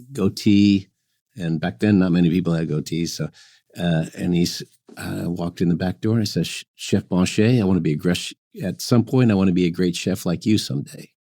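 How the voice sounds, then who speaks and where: Low-voiced guy chef telling stories, laid back, mellow, kinda stop-start. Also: steady tone, no room sound, clean studio sound. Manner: easygoing, chuckling, with halting restarts. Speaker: chef guest. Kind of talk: anecdotal storytelling in conversation.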